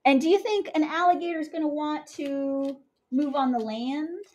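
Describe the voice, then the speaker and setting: A woman's voice: sits high, normal speed. Sing-song woman teaching kindergarten scissors. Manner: animated, sing-song chanting. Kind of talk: teaching young children.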